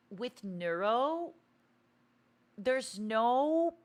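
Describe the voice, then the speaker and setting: A woman streamer chatting casually, rambling with restarts and fillers, with a tone she calls harsh and to the point. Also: normal speed. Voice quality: animated, self-described harsh to-the-point tone. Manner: rambling with many restarts and fillers, sudden loud squeaky imitations.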